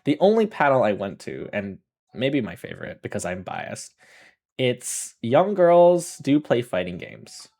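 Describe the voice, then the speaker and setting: A man's voice: mid-range voice, big pitch swings, measured pace, a little mellow. A man chatting casually on a livestream, rambling through a story, correcting himself often and laughing. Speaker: streamer.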